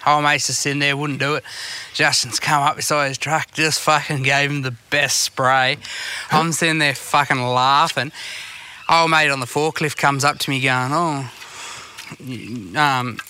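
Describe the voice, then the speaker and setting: A man's voice: medium pitch, fairly even intonation, a little slow, pushed and bright, a little hiss or hum. A man telling sweary, rambling stories in casual chat. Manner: sweary storytelling.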